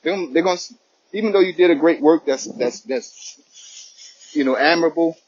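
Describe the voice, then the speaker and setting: A man's voice: a little high, normal speed, a little mellow, breathy edge, highs cut off. A man giving an informal spoken religious lesson, talking conversationally and often asking "you know what I'm saying".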